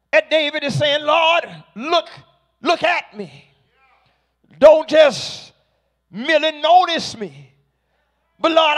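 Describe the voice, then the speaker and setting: A man preaching a sermon to a congregation, slow and emphatic, rising to shouted peaks. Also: very high-pitched.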